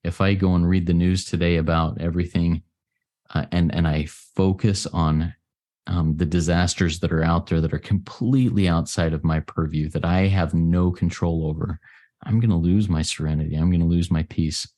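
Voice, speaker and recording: A man from the United States giving an earnest, reflective share at a recovery meeting, often pausing and restarting his sentences. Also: sits low, fairly even intonation, dark tone. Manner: earnest, halting, with many restarts.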